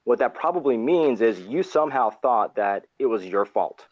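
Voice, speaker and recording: Man, mid-pitched, co-host on a live online chat; explanatory, restarts a lot; lo-fi, muffled line. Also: animated, moderate pace. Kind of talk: casual live discussion.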